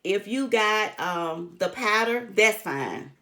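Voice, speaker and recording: A woman's voice: medium pitch, lively intonation, takes it slowly, sharp tone. An older woman teaching a recipe in a chatty way, often calling her viewers honey. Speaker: home cook. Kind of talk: cooking tutorial.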